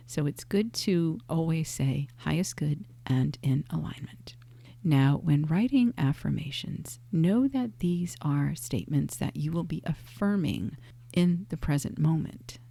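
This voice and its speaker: Woman coach, low gravelly voice, dry close sound, calm half-whispered teaching. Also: no echo. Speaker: life coach. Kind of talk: soft-spoken teaching monologue.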